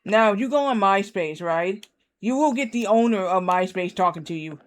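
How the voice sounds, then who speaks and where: A man's voice: high voice, animated, normal speed, a little hiss or hum. A man in his thirties streaming a game, telling a rambling story with lots of repeats and acted-out quotes. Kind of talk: casual storytelling while gaming.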